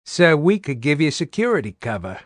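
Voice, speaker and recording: A tough older female soldier speaks in a measured, careful way, voiced by a man reading an audiobook. Her tone sits a little above the narration. The recording is dry and close. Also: on the high side, very animated, no room sound, voice pushed up.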